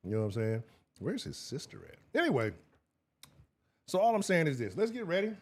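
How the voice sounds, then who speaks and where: A man's voice: on the high side, a little fast. A man hosting a live-streamed sports talk show, heated and profane, talking straight to his chat. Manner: profane, heated and animated, talks to chat directly.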